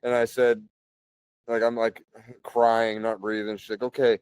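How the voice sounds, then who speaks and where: A man in his thirties, a podcast guest, talking in a relaxed, chatty way full of "like" and "you know" and clearing his throat often. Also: medium pitch, unhurried, long pauses, dry recording. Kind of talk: casual conversational storytelling.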